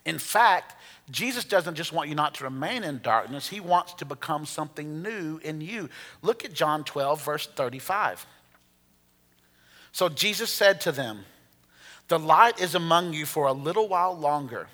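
A man's voice: fairly high pitch, lively intonation, moderate pace, pushed and bright, long reverb tail. A man preaching a sermon, telling a story with humor in a conversational way. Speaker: pastor.

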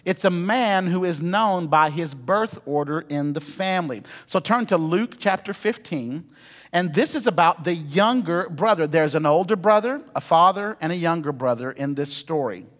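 Man, pastor, sermon, storytelling with jokes, high-pitched, long church reverb. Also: animated, moderate pace. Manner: storytelling, humorous asides to the congregation. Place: church sanctuary.

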